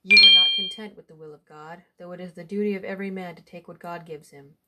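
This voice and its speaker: A woman's voice: lowish voice, steady tone, fast, heavy background noise, close to an everyday voice. Woman doing a solemn, lecturing priest. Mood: stern. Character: stern, authoritative village priest, man.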